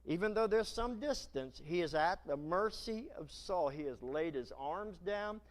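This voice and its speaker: High-voiced preacher telling a story. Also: male voice, measured pace. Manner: dramatic storytelling, animated. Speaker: pastor. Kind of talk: sermon. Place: church.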